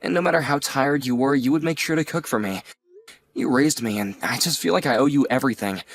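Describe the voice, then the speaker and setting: Earnest, apologetic young nephew, everyday mid-pitched voice; male actor. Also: brisk, lightly acted. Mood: heartfelt. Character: grateful young adult nephew, earnest and sheepish. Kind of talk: audio drama acting.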